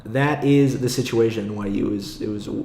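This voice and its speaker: A man's voice: fairly low pitch, fairly quick, warm tone, reverberant, slight background noise. A young man hosting a casual solo podcast, rambling, swearing freely and laughing often. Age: young adult. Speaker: podcast host. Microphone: own podcast mic.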